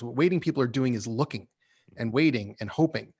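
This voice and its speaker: Male podcast host, mid-pitched, opinionated script critic, chatty and laughing. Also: a little fast, breathy edge. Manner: animated, opinionated, laughs often. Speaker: podcast host reviewing a screenplay. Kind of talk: casual critique chat.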